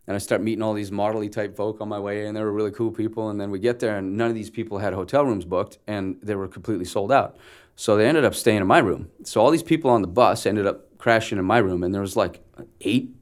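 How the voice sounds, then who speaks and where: Deep-voiced Canadian man telling stories. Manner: animated storyteller acting out dialogue, laughing. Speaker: actor guest. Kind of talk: casual storytelling interview.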